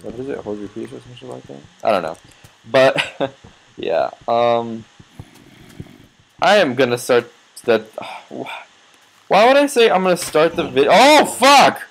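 An eighteen-year-old guy chats loosely while playing, wandering off topic and filling gaps with fillers. He curses freely and lets out sudden yelps when the game surprises him, in a voice of ordinary middle pitch for a man. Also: expressive, a little slow, gravelly, long pauses, rough recording. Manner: rambling, swears and yelps when startled. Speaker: gameplay commentator. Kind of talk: casual gameplay commentary.

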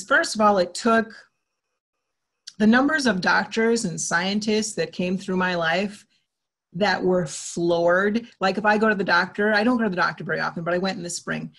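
A woman talks at length as an interview guest. Her voice sits at an ordinary middle pitch. She is animated and chatty, and she acts out the exchanges she retells. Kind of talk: casual interview talk.

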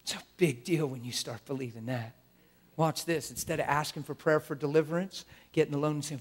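A man preaches with a husky, somewhat high voice. He models prayer aloud, dropping to near whispers and then rising into loud, fervent declarations. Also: steady tone, fairly quick.

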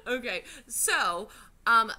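A woman's voice: on the high side, lively intonation, slow pace, bright, forceful tone. A woman, a teacher giving a chatty history lesson to children from home, with many fillers and restarts.

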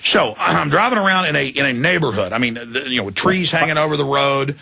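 A male talk radio host with a gravelly, bright, forceful voice tells an indignant story. He rambles and restarts his sentences and sounds tired after a long broadcast. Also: fairly high pitch, expressive, a little fast. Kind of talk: interview, telling a personal story.

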